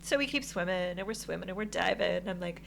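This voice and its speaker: A woman co-hosting a podcast, telling a travel story in casual chat, animated and laughing often. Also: lowish voice, fast, creaky, a little hiss or hum. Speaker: podcast co-host.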